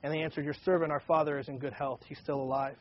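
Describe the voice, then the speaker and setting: A man reading Bible passages aloud and retelling them in a casual, animated way, with frequent restarts. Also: fairly high pitch, fast, muffled recording, slight background noise. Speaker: pastor. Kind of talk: Bible teaching, reading and commenting.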